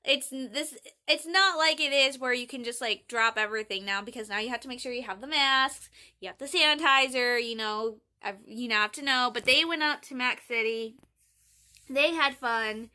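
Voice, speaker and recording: This young adult vlogger, a college student, talks in a rambling, chatty way while retelling conversations for her casual diary video. Her high voice is bright and forceful, moving at a moderate pace.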